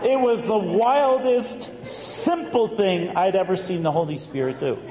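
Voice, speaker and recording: A man, a Catholic priest, telling a story in a sermon with a lively, conversational manner and emphatic bursts. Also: high-pitched, unhurried, a crowd in the background, noisy background. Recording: echoey hall, faint ambience.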